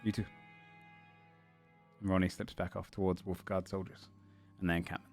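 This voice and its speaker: A man runs a tabletop game, describing scenes in loose, rambling sentences full of "um" and "kind of". His mid-pitched voice has a gravelly grain, with faint music underneath. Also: level tone, a little fast, darkish tone. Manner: rambling, filler-heavy description. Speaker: game master.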